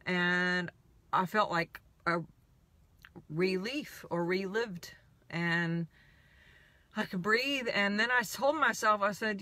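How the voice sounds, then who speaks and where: Bright-voiced woman sharing a personal story. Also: mid-range voice, no room sound. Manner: candid, halting, emotional storytelling. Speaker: healing coach. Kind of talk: personal reflective monologue.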